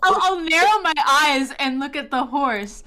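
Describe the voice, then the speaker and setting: Brief: high, bright-toned female player, animated and a bit halting. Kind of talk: casual tabletop role-play.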